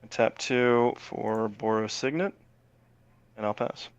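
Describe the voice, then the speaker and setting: A man in his thirties talking slowly over a voice call while playing cards. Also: fairly low pitch, clean tone, no room sound. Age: 30s. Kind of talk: casual chat over voice call. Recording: dull dry lo-fi mic.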